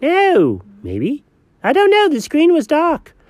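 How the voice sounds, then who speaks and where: A man voicing a high, excitable young male pet character who talks eagerly and jumpily. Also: takes it slowly, no room sound, full character voice. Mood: flustered.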